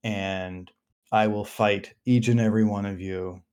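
A man's voice: lowish voice, steady tone, measured pace, darkish tone, clear, resonant tone. A man co-hosting a book podcast, playfully mock-defiant, with hesitant restarts. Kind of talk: casual book-club chat.

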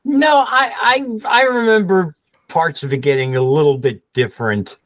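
A man co-hosting a podcast in casual chat, answering in hesitant, measured replies. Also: high-pitched, fairly bright tone, no room sound. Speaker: podcast co-host.

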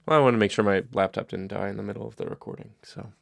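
Low, gravelly-voiced joking podcast host. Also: male voice, very fast, no room sound. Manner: jokey, rambling, self-deprecating. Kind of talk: casual podcast chat.

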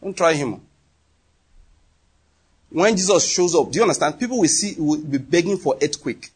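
Husky Nigerian man preaching. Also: fairly high pitch, moderate pace. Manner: animated, emphatic, slips into acted quotes. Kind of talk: sermon.

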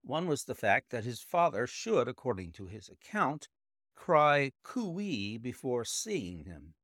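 A man doing a sharp Victorian detective. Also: medium pitch, very animated, takes it slowly, no echo, clean studio sound, heavily acted. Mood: explaining. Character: brilliant, precise male detective explaining deductions.

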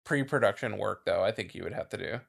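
A man's voice: lowish voice, quick pace, vocal fry. A man co-hosting a podcast in casual chat, laughing often and trailing off into fillers. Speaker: podcast co-host.

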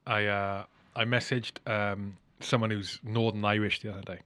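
A man hosting a casual interview, animated and telling stories, sometimes swearing and mimicking with loud exclamations. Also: lowish voice, moderate pace, no room sound. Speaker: podcast host.

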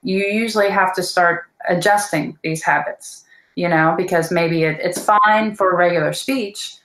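Woman, voice teacher, earnest, thoughtful, slightly low voice, roomy echo. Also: unhurried, a bit bright. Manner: thoughtful, earnest, many fillers. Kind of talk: casual interview talk.

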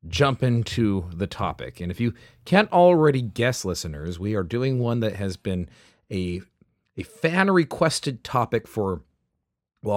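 A man's voice: fairly low pitch, no echo. A man co-hosting a history podcast, speaking with dry humor and playful formal phrasing. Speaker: podcast co-host. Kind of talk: casual podcast chat.

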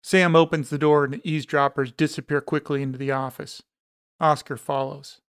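A man narrating a screenplay in a steady, descriptive way. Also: fairly high pitch, brisk, smooth, no room sound, studio quality.

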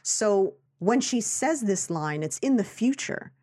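A woman from New York co-hosting a film review chat, talking casually with lots of quoted reactions and quick asides. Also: mid-range voice, lively intonation, darkish tone. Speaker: film review podcast co-host.

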